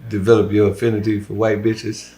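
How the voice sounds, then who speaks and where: A man's voice: fairly low pitch, monotone, a little fast, mellow, echoey room. A man hosting a podcast interview who asks blunt, slangy questions in a casual way. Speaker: podcast host.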